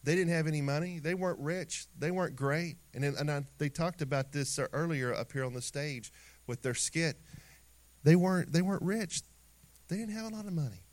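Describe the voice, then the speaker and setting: A middle-aged man preaching a sermon in an animated way, acting out little scenes and dropping into quiet asides. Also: a little high, normal speed. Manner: animated preaching with acted asides and sung snippets. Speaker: pastor.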